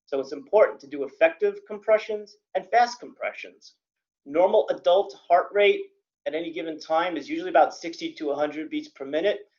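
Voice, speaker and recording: A man's voice: fairly high pitch, brisk, a little mellow. A man lecturing as a CPR instructor, plain-spoken with dry joking asides. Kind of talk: classroom lecture. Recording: dull lo-fi recording.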